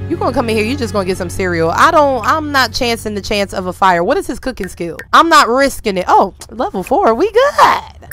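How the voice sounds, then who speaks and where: A young woman casually commenting on her gameplay for viewers, excitable and quick to exclaim, with a lot of casual slang. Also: fairly high pitch, soft background music. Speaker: game streamer.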